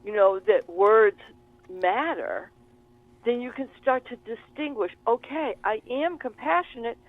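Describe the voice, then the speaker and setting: This is a woman speaking as an interview guest, and she tells her stories with lots of energy and expressive swings. Her voice comes through a thin, tinny phone line, and it sounds dry, with no room around it. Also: a little high, a little slow, dry recording. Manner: animated, expressive storytelling. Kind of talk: interview conversation.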